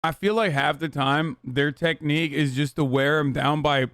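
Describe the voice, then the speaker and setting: A man's voice: a little high, fairly even intonation, normal speed, a bit bright, no room sound, studio quality. A man streaming a reaction, talking casually with profane, incredulous commentary.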